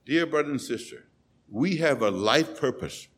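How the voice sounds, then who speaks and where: A man preaching a sermon and translating himself, telling a story with big swings between loud and soft. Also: mid-range voice, expressive, moderate pace. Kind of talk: sermon with self-interpretation.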